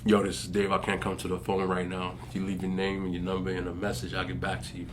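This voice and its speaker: A man putting on a teenage boy's deep, smooth "cool voice" for phone calls, slow and laid-back. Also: completely flat delivery, lightly acted.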